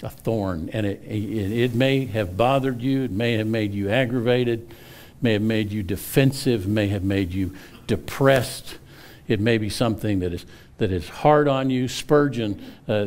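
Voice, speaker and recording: A man's voice: fairly low pitch, a little mellow. A middle-aged male pastor preaching a sermon, earnest, often repeating words and rising for emphasis.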